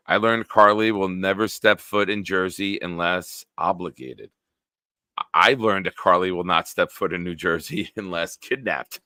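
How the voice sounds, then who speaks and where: Deep-voiced jokey sports show host. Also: male voice, normal speed, sharp tone, dry recording. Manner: jokey, reads out viewer comments. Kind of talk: casual live-stream chat.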